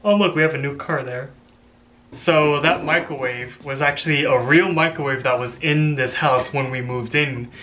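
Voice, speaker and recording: A man's voice: medium pitch, moderate pace, bright, forceful tone, slight background noise. A young man casually reacting to his own old video, amused, rambling and often laughing. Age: young adult.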